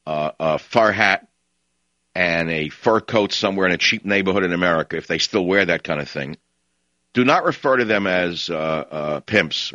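A man's voice: low voice, sharp tone, no room sound. A man hosting a talk radio show, delivering an opinionated monologue with a sarcastic, combative edge, heard over muffled lo-fi broadcast audio.

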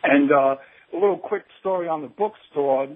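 A man's voice: a little high, normal speed. Earnest male caller on a phone line. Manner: earnest, admiring, rambling. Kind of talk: phone-in call. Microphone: telephone.

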